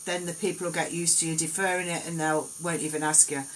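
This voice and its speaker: A woman with a slightly low voice gives gentle card readings on a live stream. She soothes and reassures her listeners and lets her thoughts wander unhurriedly. A faint electrical hum sits behind her phone-mic sound. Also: flat delivery, quick pace, poor audio. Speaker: psychic card reader.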